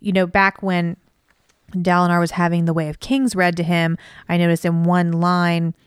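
On a podcast, a female co-host who is a mother of school-age kids talks casually and thoughtfully about a book she's reading, analytical and full of "you know." Her voice is on the low side, smooth and level, at a moderate pace. The studio recording is clean, with no room sound.

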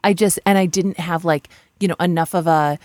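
A woman's voice: on the low side, steady tone, a little fast, a little mellow, no echo. A woman in her forties speaking as a guest, talking candidly with frequent fillers, restarts and blunt profanity. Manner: frank, profane, self-deprecating, many fillers and restarts. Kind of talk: candid conversational storytelling.

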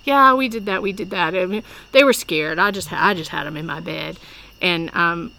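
A woman's voice: fairly low pitch, moderate pace, vocal fry, sharp tone, poor audio. A woman hosting a casual podcast chat in the field, chatty and given to laughter, tearing up when moved. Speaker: podcast host. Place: outdoors at a mission home with people working nearby. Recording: field recording with faint background noise.

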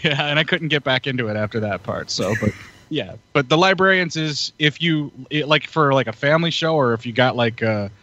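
Speaking a little fast in a medium-pitched, pushed, bright voice, this animated man laughs a lot while casually chatting as a hyped podcast co-host. The recording sounds muffled and lo-fi.

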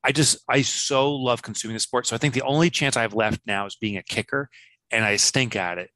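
A man in his fifties talks casually as an interview guest, animated, laughing easily and acting out little quotes. His voice sits at a middle pitch and sounds dry and close, with no room around it. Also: a little fast, no echo. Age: 50s. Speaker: guest, business author.

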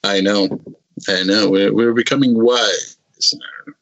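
A man's voice: lowish voice, fairly even intonation, measured pace, a bit bright, dry recording, lo-fi sound. A man in his forties chatting as a podcast guest, rambling with lots of restarts and playful little voice bits. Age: 40s. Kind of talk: casual podcast chat.

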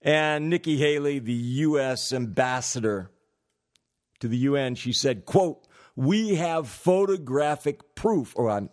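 A man delivering a political commentary monologue, deliberate and given to sarcastic asides. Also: medium pitch, fairly even intonation. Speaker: commentary host.

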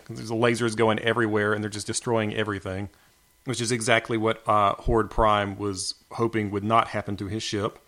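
A man's voice: on the low side, level tone, moderate pace, a bit bright. Easygoing man recapping with jokes. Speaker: podcast co-host. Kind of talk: casual chat.

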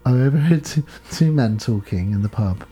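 A man's voice: medium pitch, lively intonation, normal speed, mellow, breathy edge. A man from Britain co-hosting a horror film podcast, telling stories in casual comedic chat with acted quotes. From United Kingdom. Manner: storytelling with acted quotes, frequent laughter. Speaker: podcast co-host.

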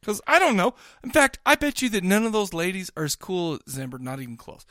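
A man's voice: high-pitched, big pitch swings, fairly quick, fairly bright tone, no room sound, clean studio sound. A man co-hosting a podcast in casual banter, rambling bashfully with many restarts. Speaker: podcast co-host.

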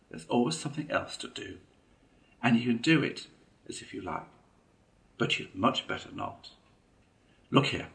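A man's voice: lowish voice, creaky, a bit bright, exaggerated voice. A man doing a dreamy water rat. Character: gentle enthusiastic male water rat.

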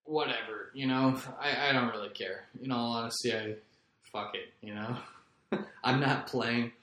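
A man's voice: mid-range voice, fairly even intonation, a little slow, fairly bright tone. A man hosting a podcast, rambling through a casual solo monologue in a laid-back way and swearing freely. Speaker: podcast host. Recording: roomy echo.

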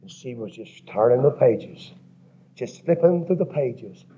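A man preaching a revival sermon, rhythmically listing words and rising to shouts, recorded in a church. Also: mid-range voice, lively intonation, a little slow, slightly rough, lo-fi sound.

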